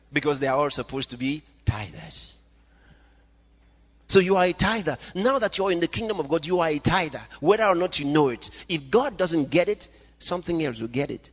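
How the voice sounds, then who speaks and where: A man preaching a fervent sermon, breaking into praise between his points. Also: medium pitch. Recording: long reverb of a hall.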